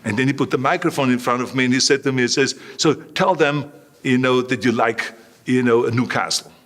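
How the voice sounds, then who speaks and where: A man's voice: mid-range voice, brisk, a bit bright. A man telling stories emphatically in an interview, repeating phrases. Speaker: guest. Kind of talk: storytelling interview.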